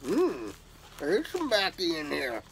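A man's voice: a little high, huge pitch swings, a little slow, vocal fry, fairly bright tone, slight background noise. A man opening a gift box of pipe tobacco and coffee, talking casually to his viewers with enthusiastic drawled exclamations. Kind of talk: casual unboxing talk to camera.

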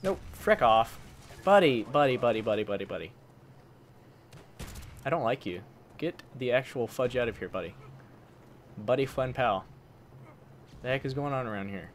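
A man's voice: mid-range voice, expressive, normal speed, pauses often, a little hiss or hum. A man giving casual live commentary while playing a shooter, grumbling at opponents and swapping in mild stand-ins for swear words. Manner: frustrated, mild swearing substitutes, talks to enemies. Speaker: gaming channel host.

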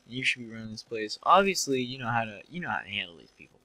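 A man's voice: mid-range voice, sing-song, quick pace, sharp tone, no echo, rough recording. A young man giving casual, joking commentary while playing a video game, sarcastically mocking the characters. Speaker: let's play commentator.

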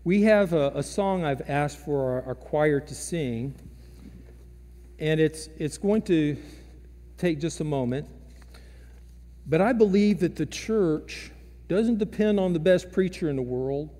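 A man delivers a sermon at a deliberate, unhurried pace, his voice dark and mellow yet pitched a bit high. He preaches dramatically, swelling louder and dropping soft. The sound rings with the long reverb of a church sanctuary. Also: expressive. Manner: slow, dramatic preaching with big swings in loudness. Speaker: pastor.

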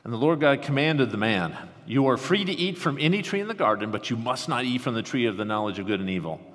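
A man with a Midwestern American accent preaching a conversational sermon, swinging between animated excitement and hushed intensity. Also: medium pitch, fast talker. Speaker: pastor. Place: large church sanctuary. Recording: reverberant sanctuary sound.

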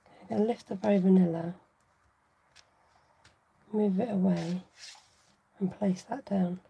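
Lady making cards and chatting to herself, a bit of fry in her voice, giggly and scattered. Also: medium pitch, steady tone, moderate pace, muffled recording, slight background noise. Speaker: card-making tutorial host. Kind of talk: casual crafting tutorial, thinking aloud.

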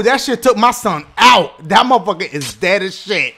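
A man hosting a gaming video, giving loud, slangy, profane play-by-play and shouting at the game. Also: high voice, expressive, moderate pace, vocal fry, hardly any pauses, a little hiss or hum. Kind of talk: excited gameplay commentary.

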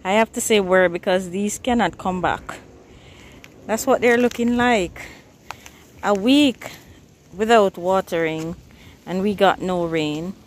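A woman with a Jamaican accent gives a relaxed, unhurried walk through her container garden. She talks in a middle pitch and breaks into laughter often. Faint outdoor noise sits in the background. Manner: chatty, laughs often while showing plants. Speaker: gardening vlogger. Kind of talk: casual garden walkthrough vlog.

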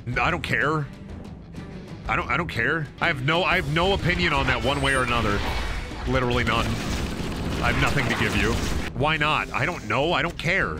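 A man's voice: mid-range voice, lively intonation, a little fast, long pauses. A man streaming a game, rambling through stories in casual chat, swearing a lot and sounding exasperated. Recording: game music under the voice. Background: game music.

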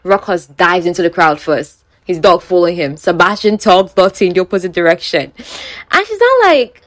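A woman's voice: fairly low pitch, steady tone, a little fast, dry recording. A woman casually retelling a romance novel, chatty, with frequent asides to the listener. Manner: chatty, asides like "you know". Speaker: book storyteller.

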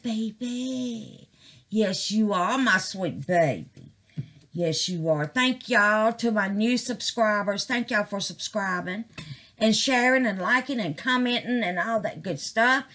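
A woman's voice: mid-range voice, a bit bright. A middle-aged woman chatting casually to her viewers about her craft, calling them babies and honey. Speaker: craft vlogger.

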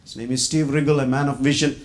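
A middle-aged man from India giving a sermon testimony, telling his story with loud quoted lines and low asides. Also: little pitch movement, quick pace.

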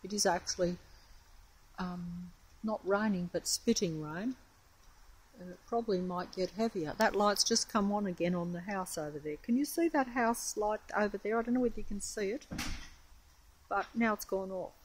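Her mid-range voice is husky and moves at normal speed, captured in a rough recording on a phone camera. This Australian vlogger talks casually outside in wind and rain, sounding hesitant, rambling and wary.

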